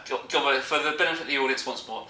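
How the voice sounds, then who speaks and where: A young man tells a rambling, jokey story. His voice is very bright and echoes in a roomy space. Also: mid-range voice, racing, a little hiss or hum. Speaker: vlogger. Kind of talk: casual storytelling chat.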